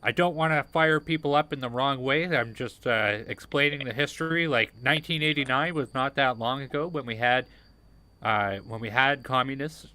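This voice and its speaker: A man's voice: medium pitch, normal speed, bright, forceful tone. A man hosting a livestream panel, explaining historical context in a casual way. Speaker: show host. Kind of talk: livestream commentary.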